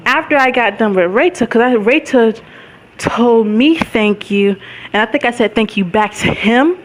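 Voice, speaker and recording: Young woman, vlogger, higher-pitched voice, chatty rambling storytelling, many fillers. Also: animated, a little slow, slight background noise, low-quality recording. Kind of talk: casual storytelling vlog.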